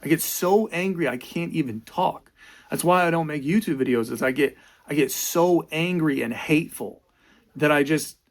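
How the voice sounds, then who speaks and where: A young man venting in a video clip, frustrated and halting, repeating himself. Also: fairly high pitch.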